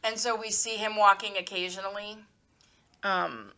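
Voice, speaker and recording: A woman co-hosts a casual podcast in a bright, clear voice. She chats in an easygoing way and is quick to chime in. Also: medium pitch, fairly even intonation. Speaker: podcast co-host. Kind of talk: casual chat.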